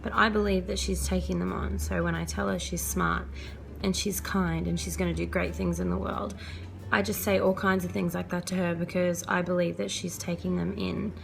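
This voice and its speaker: Earnest young mum with gravelly edge. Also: female voice, on the low side, level tone, normal speed. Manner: chatty, earnest, laughs often. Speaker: vlogger and mother. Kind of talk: casual parenting advice vlog.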